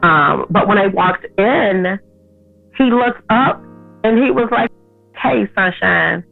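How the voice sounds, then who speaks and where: A woman in her thirties, an interview guest telling a personal story in an animated way, acting out the people in it. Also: medium pitch, takes it slowly, faint music behind. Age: 30s. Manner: animated, acts out others' lines in her story. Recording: tinny phone-like sound.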